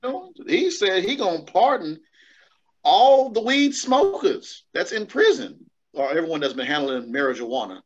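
A man's voice: high voice, big pitch swings, moderate pace. A man, co-hosting a casual chat show in a laid-back, drawling way. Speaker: podcast co-host. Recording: dull lo-fi sound.

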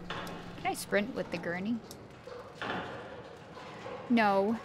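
A woman chats and jokes through a horror game on a live stream, talking back to the characters. Her voice sits at a middle pitch. A clear bed of game ambience runs under everything she says. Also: drawn-out words, very noisy. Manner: playful, chatty, talks to the game characters and puts on silly voices. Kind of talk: casual live-stream commentary. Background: game sound ambience.

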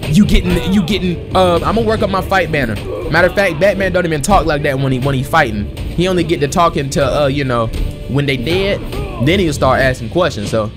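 A man hosting a let's play, excitable and slangy, exclaiming at the game as he plays. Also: fairly high pitch, a little fast. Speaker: gaming channel host. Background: game music and sound effects.

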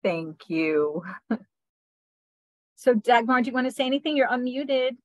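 A woman's voice: on the high side, expressive, unhurried, dry recording, poor audio. Affectionate woman hosting a video call. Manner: gentle, affectionate, sprinkles in tag questions and soft laughs. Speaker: spiritual session host. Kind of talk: casual group video call talk.

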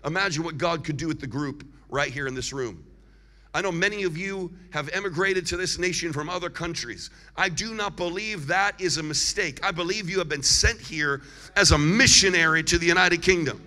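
A man preaches a lively sermon, leading the congregation in call-and-response and stretching out his emphatic lines. His voice sits high and has a keen, bright edge. The sound carries a long reverb from a large church hall. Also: normal speed. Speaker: guest evangelist preacher.

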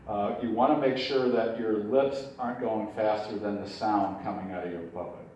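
A man teaching puppet skills to a group in an informal, relaxed way, chuckling and giving examples. He is recorded from far off in a very echoey hall. Faint ambient noise hangs behind him. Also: lowish voice, moderate pace, muffled recording. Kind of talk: informal workshop lesson.

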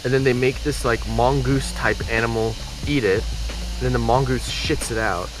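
A young man in a casual travel vlog, talking to a handheld camera as he goes, swearing often and ranting in a rambling, excitable way. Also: mid-range voice, moderate pace. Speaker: travel vlogger. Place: outdoors and in cafes while traveling. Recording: noisy outdoor camera audio.

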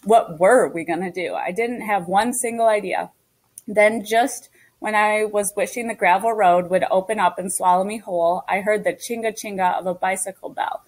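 A woman reading a children's novel aloud in first person, steady and story-paced. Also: mid-range voice, normal speed, rough recording. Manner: steady storytelling as a young girl. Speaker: audiobook narrator. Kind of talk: scripted first-person audiobook narration.

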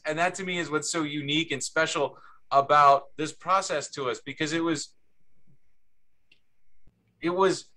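A man, a book's co-author, telling an anecdote on a panel with an animated, chatty delivery. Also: a little high. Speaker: book co-author.

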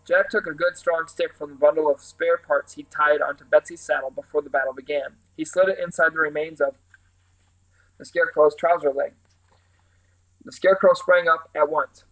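A man reading a storybook aloud with steady, animated delivery and a few small restarts. His voice sits fairly high for a man. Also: moderate pace, poor audio. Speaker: reader.

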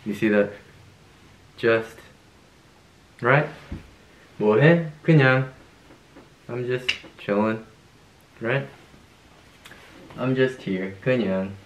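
A man with a fairly low voice leads a casual video lesson. He sounds upbeat and playful, laughs easily, and says phrases slowly and more than once. The room is echoey. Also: steady tone, a little hiss or hum. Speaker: Korean language teacher.

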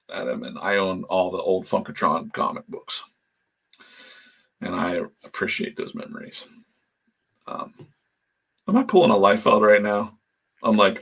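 A man's voice: fairly low pitch, very animated, moderate pace, gravelly, long pauses, a bit bright, slightly rough. A man, a comic artist, telling stories in a rambling, chatty way while he draws, often trailing off into mumbles. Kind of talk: casual storytelling while working.

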